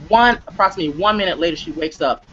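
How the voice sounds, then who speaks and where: This motivational webcast host races along in a high, slightly bright voice, stressing his points, repeating them, and tossing in "right?" again and again. The highs are cut off, and there's slight background noise.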